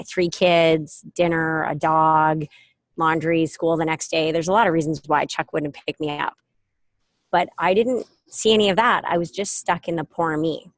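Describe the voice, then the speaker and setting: A middle-aged woman giving a casual motivational talk, telling stories with lively acted quotes, speaking from an airport. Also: sits low, no echo. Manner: animated storytelling with acted quotes. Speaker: self-help speaker.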